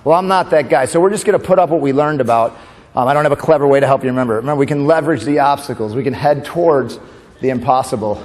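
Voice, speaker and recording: A man giving a conference keynote as a comedian and motivational speaker. He moves between tender storytelling and animated comic bits. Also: mid-range voice, quick pace. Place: conference hall. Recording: long hall reverb.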